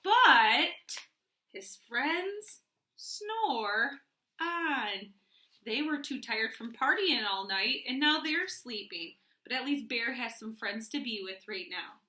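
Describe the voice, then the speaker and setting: A woman teacher reads a picture book aloud to young children from home, warm and encouraging. Her voice is high and bright and unhurried. The room gives a noticeable echo.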